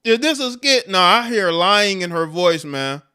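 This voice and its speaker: A man's voice: sits high, animated, measured pace, pushed and bright, smooth. A man hosting a livestream, giving blunt, profane commentary on clips and chat with frequent laughs. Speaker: livestream host reacting to clips.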